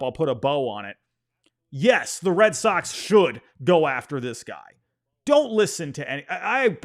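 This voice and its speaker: Animated man ranting about sports. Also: fairly high pitch. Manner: animated, exasperated, repeats himself, apologizes for ranting. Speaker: sports podcast host. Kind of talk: casual opinion rant.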